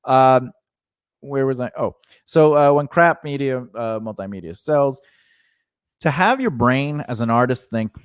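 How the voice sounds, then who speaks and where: A man's voice: medium pitch, expressive, a little slow, clear, resonant tone, dry recording, studio quality. A man co-hosting a home podcast, chatting casually in a rambling way and breaking off to talk to his dog. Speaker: podcast co-host. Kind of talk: casual chat.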